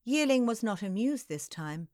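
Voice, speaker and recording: A woman narrating a historical novel in the first person, in slow, measured storytelling. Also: a little high, big pitch swings, warm tone, dry recording, clean studio sound.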